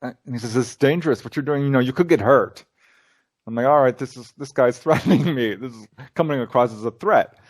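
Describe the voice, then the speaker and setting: A UFO researcher and lecturer, interviewed as a guest, speaks in a brisk, medium-pitched male voice. He tells stories casually and with animation, acting out the quoted dialogue.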